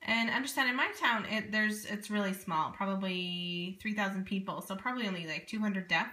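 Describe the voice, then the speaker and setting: A woman in her thirties telling a personal story as a parent, in an earnest, animated way with many asides. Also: medium pitch, brisk. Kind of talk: casual first-person storytelling. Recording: echoey room.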